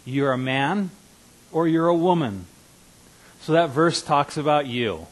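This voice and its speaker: Husky-voiced pastor in his fifties. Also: fairly high pitch, animated, measured pace, poor audio. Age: 50s. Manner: earnest, swings from hushed asides to emphatic declarations. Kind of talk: sermon.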